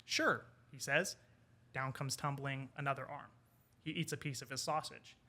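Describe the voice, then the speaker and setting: A man, an English professor, telling a folk tale in casual conversation over wine, animated and quoting the characters. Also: mid-range voice, normal speed. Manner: animated retelling with quoted character lines. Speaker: podcast guest, English professor.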